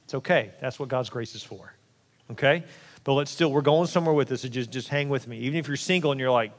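A man's voice: medium pitch, quick pace, in a large hall. A man preaching as a pastor, candid and joking, who acts out the quoted voices of the people he talks about. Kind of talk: sermon.

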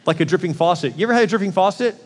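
Pastor preaching in a big reverberant hall. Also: male voice, sits high, racing, slight background noise. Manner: conversational, acts out quoted voices. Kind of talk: sermon.

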